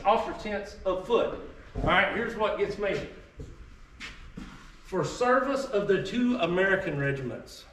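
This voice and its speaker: Heard from a distance in an echoey room with a little hiss or hum, a man speaks in a high-pitched, fairly bright voice. As a reenactor, he delivers a folksy, emphatic, conversational history talk to a group, full of drawling asides.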